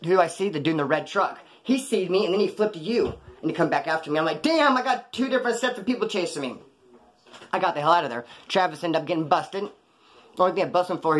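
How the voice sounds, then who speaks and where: A man's voice: fairly high pitch, a bit bright. A middle-aged man, a former prisoner, telling a crime story in casual, profane street slang, rambling between asides. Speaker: ex-convict storyteller.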